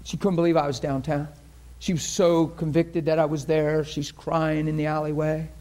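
A man's voice: a little high, level tone, moderate pace, a little mellow. A man preaching a sermon to a congregation, telling a story in an earnest, conversational way and acting out the voices of the people in it. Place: church in front of a congregation.

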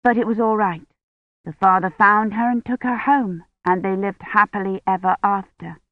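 A woman voicing a caring young woman who speaks gently and soothingly. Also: mid-range voice, moderate pace, no echo, lightly acted. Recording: dry, tinny phone-like sound.

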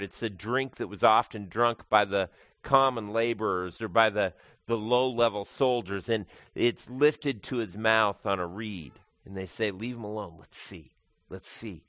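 A man's voice: mid-range voice, fairly bright tone, no room sound. A male pastor giving a conversational sermon, explaining scripture with casual asides. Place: church.

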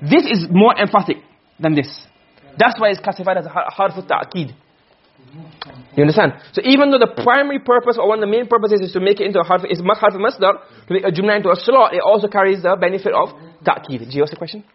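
Male teacher, high and husky voice, rapid classroom lecture that keeps asking students questions, dull lo-fi recording. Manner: quick, questioning students often, mixing Arabic terms. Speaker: teacher of Arabic rhetoric.

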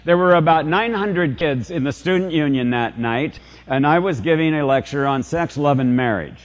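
Older priest giving a sermon, tells stories, asks the folks questions, bit high voice, muffled old recording. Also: male voice, normal speed, in a large hall. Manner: storytelling, confessional, rhetorical questions to the congregation.

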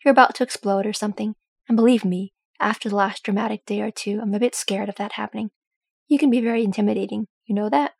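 An eager teenage dwarf boy who teases his big brother in a loose, casual way, as a woman reads him. The voice is husky with some gravel, dry and close. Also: medium pitch, steady tone, quick pace, no echo. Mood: teasing. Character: eager adolescent male dwarf, teasing little brother.

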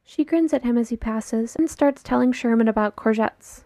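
A podfic reader with a fairly high yet dark-toned voice reads a scripted story aloud at normal speed, narrating steadily and lightly voicing the characters. The recording is dry and clean, with studio sound.

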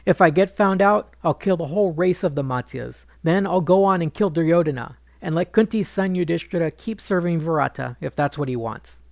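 A man's voice: fairly high pitch, a little fast, gravelly, hardly any pauses, dry recording, clean studio sound. A man voicing a mighty warrior husband who is fierce and devoted, speaking in vows and threats. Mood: vengeful.

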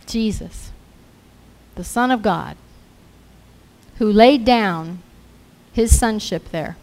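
An earnest woman preaching a sermon. Her pitch sits in a middle range for a woman. She repeats scripture lines as firm declarations. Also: slow pace, a little mellow.

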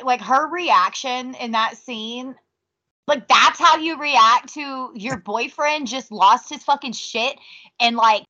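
A woman's voice: sits high, sharp tone. A woman co-hosting a movie podcast, incredulous and profane in a casual chat. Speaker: podcast co-host. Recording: dull lo-fi sound.

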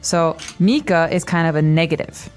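Low-voiced woman teaching on a podcast. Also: normal speed, darkish tone, soft background music. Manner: clear, explanatory, laughs easily. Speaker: co-host, language teacher. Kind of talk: language lesson podcast chat.

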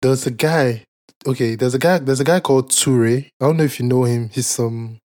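Brisk and darkish in tone, this mid-range male voice belongs to a podcast co-host who rambles through stories. He swears a lot, uses many fillers and laughs often in casual chat.

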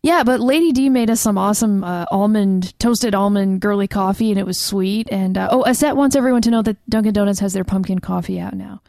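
A woman's voice: mid-range voice, fairly quick, creaky, hardly any pauses, dark tone, dry recording, studio quality. A woman co-hosting a podcast in casual chat, laughing often and trailing off mid-thought. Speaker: podcast co-host.

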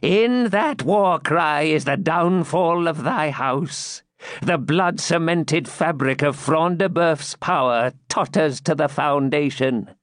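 Brief: vengeful old crone, man reading the part, slow deliberate delivery, lively pitch, close dry sound. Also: dry recording, heavily acted. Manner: slow, grim, mocking and solemn. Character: vengeful old woman, a gloating hag. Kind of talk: audiobook character reading.

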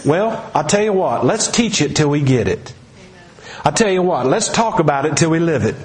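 Conversational preacher man, slightly high voice. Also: animated, normal speed. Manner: conversational, joking, storytelling. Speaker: pastor. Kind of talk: sermon.

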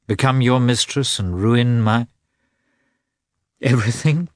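A man reading an audiobook, voicing an anguished young noblewoman who speaks with sharp, mocking irony. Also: mid-range voice, slow, dry recording, studio quality, pitched above the performer's own voice, lightly acted. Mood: bitter.

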